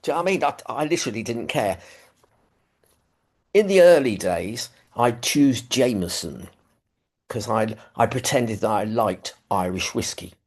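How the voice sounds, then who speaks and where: Man with a London accent on a video call, rambling, self-deprecating testimony, pitch mid. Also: animated, moderate pace. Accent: London English. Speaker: recovery meeting speaker. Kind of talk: personal testimony, casual. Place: living room at home.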